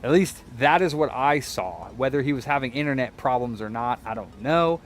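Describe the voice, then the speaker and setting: A young man chatting casually as he fixes a controller, rambling through a story, swearing and mimicking people in a higher voice. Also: lively intonation, moderate pace, a little hiss or hum. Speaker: repair shop vlogger. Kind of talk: casual chat while repairing a controller.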